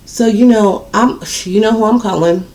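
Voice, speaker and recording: A woman at a middling pitch tells a personal story straight to her viewers. She talks bluntly and loosely, full of slang and profanity. She repeats words to drive her points home. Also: normal speed, darkish tone. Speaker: storytime vlogger.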